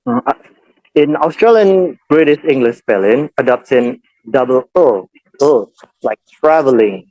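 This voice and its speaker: A man's voice: mid-range voice, lively intonation, measured pace, no echo, muffled recording. A man reading a presentation on spelling, with small fillers between points.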